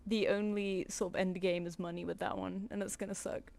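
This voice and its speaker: A woman's voice: medium pitch, flat delivery, fairly quick, gravelly, a little mellow. A young woman chatting casually on her drawing stream, laughing often and swearing lightly. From United Kingdom.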